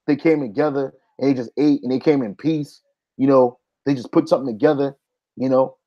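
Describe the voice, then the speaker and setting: Emphatic man preaching, dull lo-fi sound. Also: a little high. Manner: emphatic, says "man" often. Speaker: Bible teacher. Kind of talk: religious teaching talk. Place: Hawaii.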